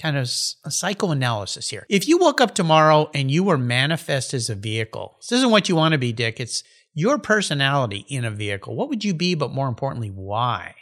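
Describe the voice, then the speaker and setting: A man's voice: medium pitch, very animated, brisk, hardly any pauses, a bit bright. Chatty male podcast host. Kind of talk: casual interview chat.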